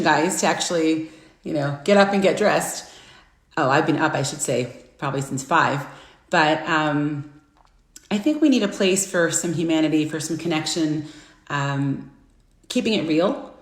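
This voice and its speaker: A middle-aged woman hosting a casual live stream, chatty and friendly, greeting viewers by name with bursts of excitement. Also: low-pitched, moderate pace. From Florida. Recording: echoey room.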